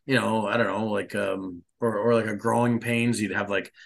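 A somewhat low-voiced man co-hosting a casual podcast. He gives his opinions bluntly and swears freely. He retells scenes with lively energy. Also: moderate pace, gravelly. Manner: blunt, profane, emphatic opinions. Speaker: podcast co-host. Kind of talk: casual chat.

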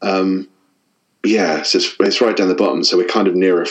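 A man's voice: deep voice, fairly even intonation, normal speed, low-quality recording. A man from the south of England with a southern English accent, chatting casually as a podcast guest, rambling and self-deprecating with frequent laughs. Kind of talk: casual chat.

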